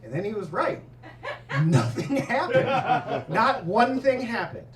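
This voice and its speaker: A male stand-up comedian telling a story in an animated way, acting out characters and swearing often, on stage in a comedy club. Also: very high-pitched, slow pace. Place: comedy club with live audience. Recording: roomy club recording from far off with crowd laughter.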